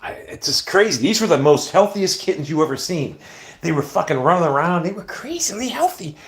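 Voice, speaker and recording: A middle-aged man talking in a casual, rambling monologue, blunt and full of swearing, often sinking to a low mutter. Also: a little fast, a little hiss or hum. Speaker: vlogger.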